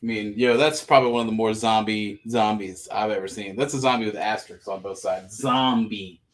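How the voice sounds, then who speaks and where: A man hosting a live comic book sale, pitching each issue in a joking, profane, auctioneer-style way. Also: steady tone, fairly quick. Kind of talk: casual live-stream sales patter.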